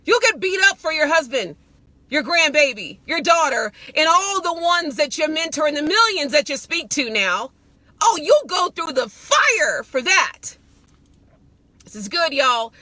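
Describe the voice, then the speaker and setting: Fervent high-voiced woman preacher. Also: sing-song, unhurried, sharp tone, dry recording. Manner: fervent, calls out to listeners as y'all. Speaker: host and preacher. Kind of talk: live inspirational preaching.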